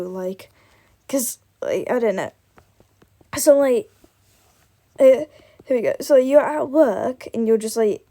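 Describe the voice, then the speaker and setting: A woman's voice: mid-range voice, mellow. A young woman vlogger chatting casually while playing a building game, rambling with lots of fillers. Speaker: gaming vlogger.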